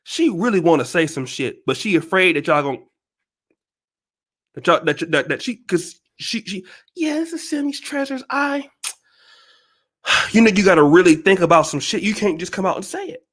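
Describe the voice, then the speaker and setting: A man's voice: fairly high pitch, moderate pace, a bit bright. A man hosting his own channel, ranting at viewers in an emphatic, profane, repetitive, preachy way. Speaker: channel host.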